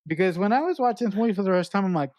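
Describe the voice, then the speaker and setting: A man co-hosting a podcast, talking through a film in a halting way, often repeating words and restarting. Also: high voice, lively intonation, darkish tone, dry recording, clean studio sound. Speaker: podcast co-host. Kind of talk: casual film review chat.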